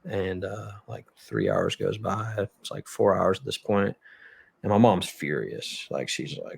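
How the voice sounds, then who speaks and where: A young man telling a story as a podcast guest, blunt and full of swearing, in a halting way. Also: deep voice, big pitch swings, vocal fry, breathy edge. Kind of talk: storytelling in a conversational interview. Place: podcast studio.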